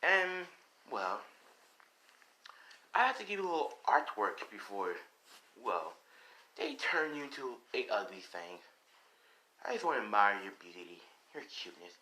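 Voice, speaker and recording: A man's voice: on the low side, sing-song, measured pace, long pauses, bright, forceful tone, full character voice, rough recording. A man voicing a playful, creepy young yandere girl who holds knives, speaking sing-song and sweetly menacing.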